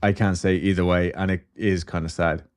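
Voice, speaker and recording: A man's voice: deep voice, flat delivery, brisk, clear, resonant tone. A man hosting a podcast, telling a story in a loose, chatty way, with swearing and asides. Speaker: podcast host. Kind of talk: casual storytelling chat.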